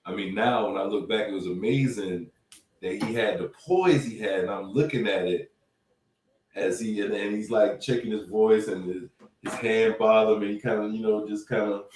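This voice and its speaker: Low-voiced man, echoey and off-mic. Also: moderate pace, darkish tone, distant mic, a little hiss or hum. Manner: loose, slangy, repeats words as he starts. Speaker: co-host and instructor. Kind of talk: casual chat.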